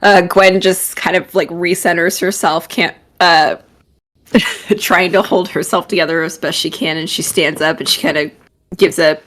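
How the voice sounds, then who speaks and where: A woman with a somewhat low voice narrates her character's actions in a casual tabletop game. She laughs easily, stumbles and restarts her sentences. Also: steady tone, normal speed, a bit bright.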